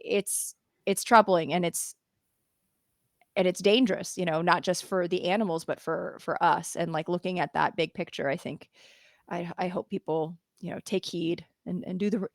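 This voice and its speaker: A woman's voice: on the low side, no echo, clean studio sound. A woman hosting a podcast in casual interview chat, chatty and laughing often, with frequent restarts. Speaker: podcast host.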